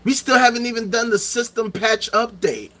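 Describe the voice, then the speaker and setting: A middle-aged man talking to his viewers in a loud, profane, repetitive rant with plenty of rhetorical questions. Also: very high voice, normal speed, faint music behind. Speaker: streamer. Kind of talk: ranting livestream monologue.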